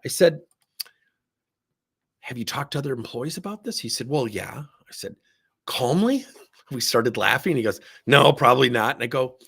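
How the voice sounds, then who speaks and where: A man's voice: medium pitch, normal speed, creaky, pauses often, slightly rough. A middle-aged man, a leadership coach, telling workplace stories on a livestream and acting out both sides of each conversation. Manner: animated storyteller, acts out both sides of conversations. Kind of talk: livestream talk with acted anecdotes.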